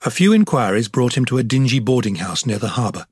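A man narrating an audiobook in a measured, even storytelling manner. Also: mid-range voice, slightly rough, dry recording, clean studio sound. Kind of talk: scripted narration.

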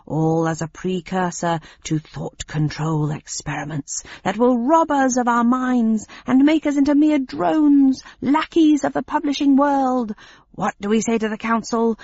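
A woman's voice: high-pitched, darkish tone, no echo, pitched above the performer's own voice. A woman voicing a paranoid, scheming male alien ringleader in an audiobook, ranting and thinly accusing. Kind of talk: audiobook reading. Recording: dry, slightly dull lo-fi sound.

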